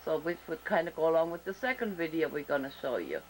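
A woman with a German accent hosting a casual interview show over a video call, talking slowly and deliberately with many fillers and restarts. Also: deep voice, expressive, slight background noise, rough recording. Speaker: talk show host.

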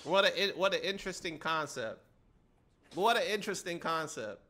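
A man's voice: on the high side, lively intonation, moderate pace, sharp tone. A young adult man streaming a game live, trash-talking and teasing his chat with a lot of swearing. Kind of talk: live-stream gameplay commentary.

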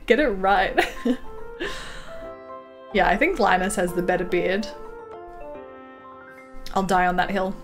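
Slow, playful young woman streaming a game. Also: a little high. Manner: playful, giggly, reads chat aloud. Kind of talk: casual live-stream chat while playing. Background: game music.

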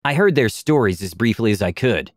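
A man voicing a cold, calm male lizard-folk gentleman with a silky, measured way of speaking. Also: fairly low pitch, dry recording, clean studio sound, natural voice. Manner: measured, composed.

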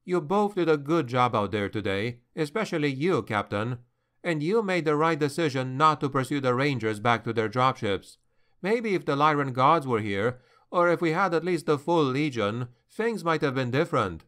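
A man's voice: mid-range voice, expressive, a bit bright, close to an everyday voice. A man voicing a tough, short-tempered female mercenary commander, injured, her voice a little thick from painkillers. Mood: commanding. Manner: snappish, brisk.

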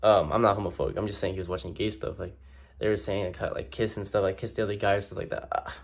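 A man's voice: low-pitched, steady tone, quick pace, creaky. Slangy young man ranting casually. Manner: slangy, exasperated, swears a lot. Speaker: vlogger. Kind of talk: casual rant to camera.

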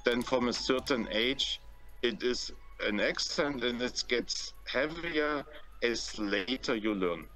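A man's voice: medium pitch, takes it slowly, sharp tone, soft background music. A man with a German accent, a guest in an interview, giving earnest advice and often repeating words as he thinks. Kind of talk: interview conversation.

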